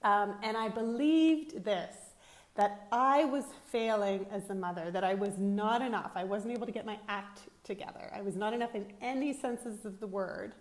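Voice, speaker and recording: A woman's voice: medium pitch, moderate pace. A middle-aged woman coaching mothers in a live video, talking candidly to viewers and swearing casually. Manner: emphatic, repeats phrases in lists.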